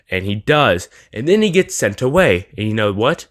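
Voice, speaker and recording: A man's voice: lowish voice, big pitch swings, moderate pace, no room sound, clean studio sound. A young man delivering a rambling, sarcastic opinion rant for his anime channel. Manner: rambling, sarcastic, with filler words and restarts. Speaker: anime YouTuber.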